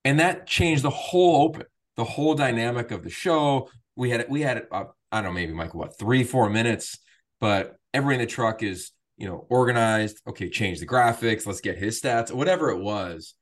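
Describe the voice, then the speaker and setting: A man who calls games on TV, telling an animated behind-the-scenes story on a sports talk show. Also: mid-range voice, fairly quick. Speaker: sports play-by-play broadcaster.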